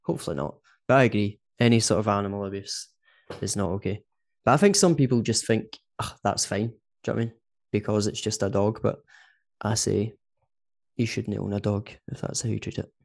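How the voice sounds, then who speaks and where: Scottish male podcast co-host, casual and chatty, lowish pitch, laughs a lot between points. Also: brisk, creaky, darkish tone. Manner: chatty, laughs often, says "do you know what I mean". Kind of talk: casual chat.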